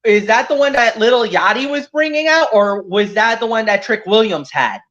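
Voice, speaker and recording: A man hosting a casual wrestling recap chat, easygoing and agreeable, with halting fillers. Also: high voice, expressive, a bit bright, muffled recording. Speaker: podcast host.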